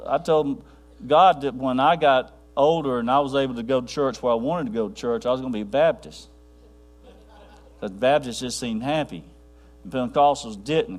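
A man preaching a sermon to a congregation, rambling with restarts and dropping to a near hush for his quiet points. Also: medium pitch. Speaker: pastor.

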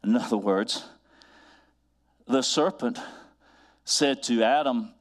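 A man preaching a sermon, building to emphatic repeated refrains and drawing out scripture quotes slowly. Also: mid-range voice. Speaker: pastor.

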